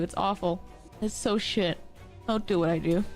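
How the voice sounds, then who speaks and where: A woman's voice: on the low side, fairly even intonation, normal speed, soft background music. A woman in her twenties, crying as she talks to her stream chat, self-deprecating and joking through tears. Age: 20s. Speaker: livestreamer. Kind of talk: emotional livestream talk to chat.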